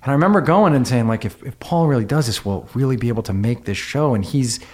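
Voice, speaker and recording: A middle-aged man hosting an interview, talking in an earnest and halting way with many restarts. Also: mid-range voice, lively intonation, a little mellow. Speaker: podcast host. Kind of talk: conversational interview.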